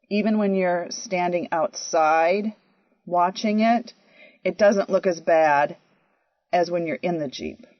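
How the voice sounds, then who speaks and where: A woman's voice: lowish voice, dry recording. Chatty woman telling a story, lo-fi. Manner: chatty, animated, frequent "you know" and "um". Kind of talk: casual personal storytelling. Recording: dry, dull lo-fi audio.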